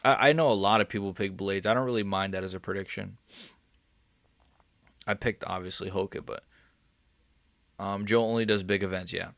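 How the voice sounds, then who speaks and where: Young male streamer, low voice, dry close sound, excitable live reactions with swearing. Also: normal speed, vocal fry, pauses often, dry recording. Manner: excitable, swings from mumbling to yelling, swears and laughs often.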